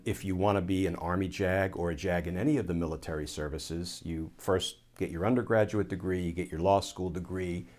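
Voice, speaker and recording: A former Army lawyer from the United States, a man giving solo commentary, explaining points in a measured way and restating phrases for emphasis. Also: deep voice, darkish tone.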